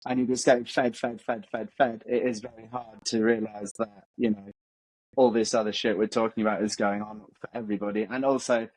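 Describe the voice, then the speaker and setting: A man's voice: lowish voice, flat delivery, a little fast, darkish tone, low-quality recording. Agreeable, reflective male podcast host. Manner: agreeable, reflective, chimes in often. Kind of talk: conversational interview.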